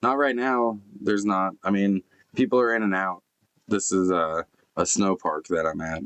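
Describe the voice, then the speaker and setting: A man's voice: sits low, steady tone, normal speed, a bit bright, clean tone, dry recording. A man live-streaming from inside his van, chatting casually and rambling with swearing and fillers. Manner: rambling, laid-back, swears often, many fillers and restarts. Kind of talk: casual live-stream chat, reading and answering comments. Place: inside a broken-down van in a forest snow park. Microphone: computer camera setup.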